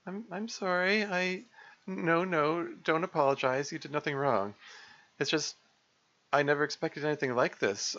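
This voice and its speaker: Brief: man doing an overwhelmed teen girl, high, self-blaming, dull lo-fi recording. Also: bright, forceful tone. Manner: shaky, self-blaming, halting. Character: anxious teenage girl, guilt-ridden and overwhelmed. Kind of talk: reading visual novel dialogue aloud.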